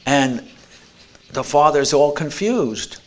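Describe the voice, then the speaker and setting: A man's voice: a little high, animated, takes it slowly. A man giving an earnest motivational talk at an expo, telling stories and restarting words. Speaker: speaker. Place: expo lecture room.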